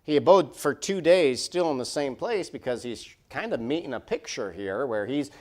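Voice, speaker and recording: A man's voice: medium pitch, expressive, normal speed, a little mellow. A man preaching a sermon in a church, conversational and repetitive, full of rhetorical questions. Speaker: pastor. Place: church sanctuary.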